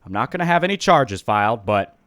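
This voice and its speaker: A stern, irritated male property owner, as a man puts him on, lecturing in a lower, heavy voice. He talks down with firm threats and a lively, rising and falling pitch. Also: brisk.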